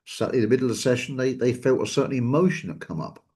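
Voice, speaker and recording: A man's voice: mid-range voice, animated, fast, a little mellow, breathy edge. A man hosting a casual talk show, asking reflective questions and thinking aloud. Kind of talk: casual discussion.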